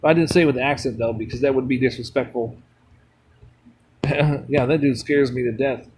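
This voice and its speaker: A man's voice: medium pitch, fairly even intonation, fairly quick, a little mellow, a little hiss or hum. A man streaming a mobile game, rambling bluntly between chat replies and swearing freely. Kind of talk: rambling casual chat while gaming.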